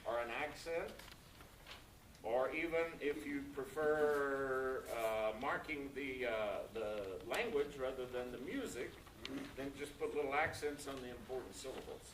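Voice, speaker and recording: A man's voice: medium pitch, slight background noise. A man leading a choir rehearsal, explaining diction and stresses, counting in and singing lines to demonstrate. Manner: animated, counts in and sings phrases to demonstrate. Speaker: choir director. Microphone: camera at a distance. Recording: echoey room, voice from far off, piano. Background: piano and choir singing.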